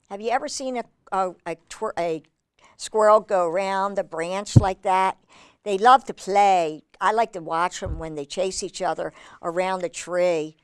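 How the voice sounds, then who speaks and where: A woman reading a picture book aloud to children, animated and exclamatory with chatty asides. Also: medium pitch, unhurried, clean tone, no echo, studio quality. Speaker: children's storyteller.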